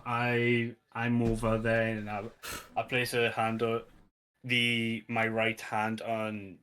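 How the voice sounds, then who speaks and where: A man describing his character's actions in a tabletop game, speaking slowly and haltingly. His voice is low, flat and bright. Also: low-quality recording. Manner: halting, slow. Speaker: player.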